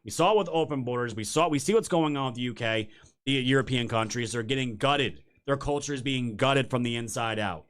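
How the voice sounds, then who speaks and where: A man's voice: medium pitch, a little fast, a bit bright. A man hosting his own political stream, ranting in a heated, profane and sarcastic way straight to his viewers. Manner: talks straight to viewers as "you guys". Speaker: political commentary show host. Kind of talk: live-streamed political rant.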